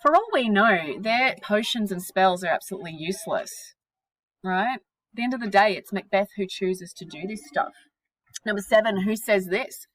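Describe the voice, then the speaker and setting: A woman teaching a literature class, energetic and questioning, with casual slang. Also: medium pitch, normal speed, dry recording, rough recording.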